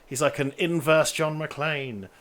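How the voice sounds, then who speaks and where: A man's voice: fairly high pitch, fairly even intonation, slow, fairly bright tone. A man chatting casually as podcast co-host, rambling and swearing with plenty of fillers. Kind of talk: casual film commentary chat.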